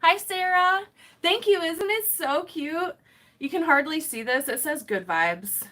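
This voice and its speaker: A woman's voice: very high-pitched, lively intonation, measured pace, bright, forceful tone. A young woman hosting a casual live stream from home, greeting viewers by name and apologizing often, picked up by a camera set some distance away.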